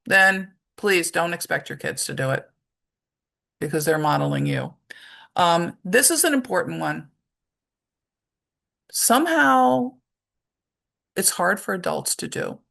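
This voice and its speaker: A middle-aged woman presenting a parenting workshop in a conversational way, acting out short examples and filling her pauses with "um". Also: lowish voice, creaky, fairly bright tone. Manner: conversational, with many fillers and acted-out examples. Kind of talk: informal presentation talk.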